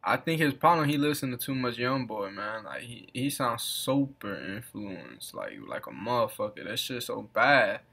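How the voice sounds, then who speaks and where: A man's voice: mid-range voice, sing-song, normal speed, gravelly, few pauses, bright, forceful tone, breathy edge. A man hosting a reaction video, mocking what he watches with heavy swearing and frequent laughter. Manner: profane, mocking, laughing often. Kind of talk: casual reaction commentary. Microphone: off camera voice-over.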